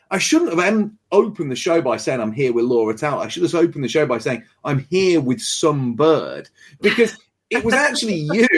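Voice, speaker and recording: A man hosting a casual discussion show, talking in an animated, sarcastic and indignant way. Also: on the high side, slightly rough. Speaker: show host.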